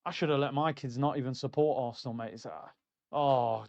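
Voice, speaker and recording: A man's voice: mid-range voice, steady tone, fairly quick, creaky, darkish tone, muffled recording. A man hosting a live football watchalong, ranting in exasperation and reading out chat messages. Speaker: host of a football watchalong stream.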